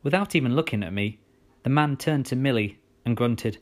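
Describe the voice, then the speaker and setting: Man, storybook narration, first person, steady, mid pitch. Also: normal speed.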